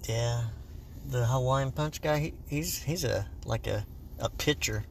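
A man co-hosting a podcast, chatting casually and joking around, sometimes breaking into loud goofy voices. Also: mid-range voice, unhurried, gravelly, slight background noise. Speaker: podcast co-host.

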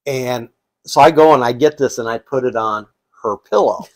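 A man co-hosting a casual chat, telling family stories in an animated way and laughing often. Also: medium pitch, normal speed. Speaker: co-host.

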